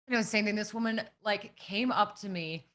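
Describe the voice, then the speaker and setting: A woman from Western Pennsylvania, chatting casually and telling stories in an animated way as a co-host. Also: mid-range voice, brisk. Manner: animated storyteller. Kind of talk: casual chat.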